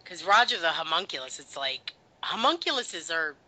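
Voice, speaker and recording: Bright-voiced man musing. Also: on the high side, big pitch swings, normal speed, rough recording. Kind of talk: casual film discussion.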